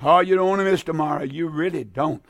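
A man's voice: a little high, fast talker, no room sound. Fervent preacher man, dry close mic. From American South. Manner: fervent, excitable, repeats and stumbles over words. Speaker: radio preacher. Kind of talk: radio sermon.

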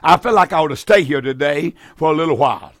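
Older man, urgent evangelistic radio host; fervent and repetitive, pitched a bit high, dry booth sound. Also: animated, fast, no room sound. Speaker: radio preacher and call-in host. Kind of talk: evangelistic radio preaching with call-in.

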